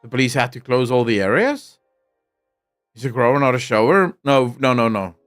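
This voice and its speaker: A young South African man riffing on a live stream, sardonic and profane, his voice sitting at an ordinary middle pitch. Faint music plays under his loose, joking chat. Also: very animated, moderate pace, a bit bright. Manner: sardonic, joking, frequent laughter and swearing.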